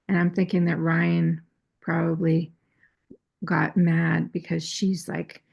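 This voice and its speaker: A woman hosting her own channel, talking candidly and self-critically about her past. Her voice sits fairly low and is thick with gravelly fry and a husky edge. She often restarts her phrases as she tells the story. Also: little pitch movement, slow, a little mellow, dull audio. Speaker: astrology and tarot channel host. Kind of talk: casual confessional talk.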